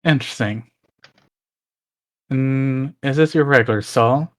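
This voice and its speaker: A man casually playing a tabletop role-playing game, speaking in a relaxed, hesitant way. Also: mid-range voice, measured pace, no echo. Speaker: player.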